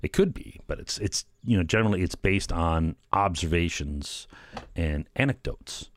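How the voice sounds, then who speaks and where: Middle-aged man, deep voice, dry close sound, loose wry chat about a book, keeps checking "right?". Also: animated, moderate pace, no room sound. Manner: rambling, fillers, keeps asking "right?"; chuckles often, wry. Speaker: solo commentator. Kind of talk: casual rambling book commentary.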